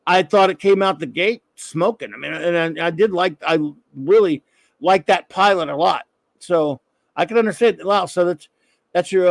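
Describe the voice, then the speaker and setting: Gravelly high-voiced man hosting a stream. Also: no room sound. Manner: rambling, joking, answering chat comments. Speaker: live-stream show host. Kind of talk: casual live-stream chat.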